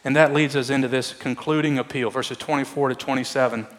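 A man's voice: mid-range voice, fairly even intonation, a little fast. Earnest preaching man in a reverberant hall. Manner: earnest, pleading, drops to a hush for emphasis. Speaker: pastor. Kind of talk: sermon.

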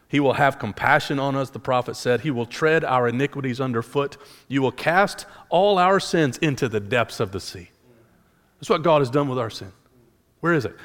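A man's voice: mid-range voice, fairly bright tone. Preaching man in a reverberant hall. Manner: earnest preaching with rhetorical questions and restarts. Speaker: pastor. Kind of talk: sermon.

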